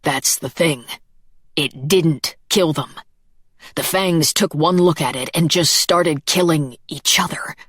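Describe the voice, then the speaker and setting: A woman voices a jittery male monster servant in a dark fantasy audiobook, anxious and quick to explain himself. His tone turns hushed and earnest. The recording is dry. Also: sits low, breathy edge, no room sound, heavily acted. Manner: anxious, hurried, indignant. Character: nervous, eager-to-please male monster underling.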